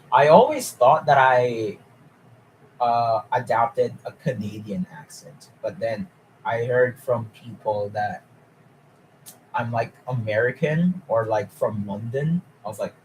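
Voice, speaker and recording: A man's voice: mid-range voice, slow, long pauses, slight background noise, poor audio. A young man talking casually on a live stream, chatty and often laughing as he answers chat.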